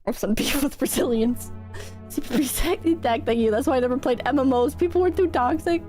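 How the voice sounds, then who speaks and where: A young woman streaming and chatting with viewers, hoarse and coughing from illness, telling profane stories full of mocking impressions. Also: high-pitched, moderate pace, warm tone, soft background music. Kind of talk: casual chat with viewers.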